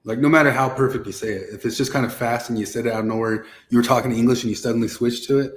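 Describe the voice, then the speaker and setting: A man's voice: mid-range voice, fairly even intonation, very fast. A man, a podcast co-host, chatting in an easygoing way, often laughing and trailing off. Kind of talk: casual chat.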